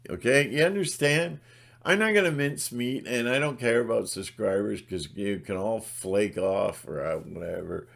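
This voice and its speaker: A man's voice: fairly low pitch, normal speed, vocal fry, a bit bright. A middle-aged man ranting in a blunt, sarcastic monologue, rambling with restarts and putting on mocking voices. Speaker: channel host.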